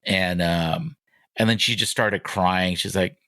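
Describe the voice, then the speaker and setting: A man in his forties talks with a fairly low, grounded voice, recorded close and dry with no room sound around him. He tells personal stories candidly, stopping and restarting, with filler words scattered through his speech. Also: pushed and bright, no echo. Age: 40s. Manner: halting, frequent "like" fillers and restarts. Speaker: podcast guest.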